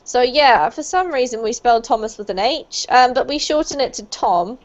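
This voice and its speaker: A woman with a British accent teaching English pronunciation in an online group lesson, clear, patient and encouraging. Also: a little high, expressive, normal speed. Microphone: video call. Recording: lo-fi online call audio.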